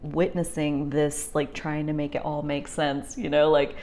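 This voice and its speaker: A young woman talking through a heartfelt personal reflection, rambling with many fillers and sometimes dropping to a soft near-whisper. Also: sits low, little pitch movement, a little slow. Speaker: spiritual vlogger.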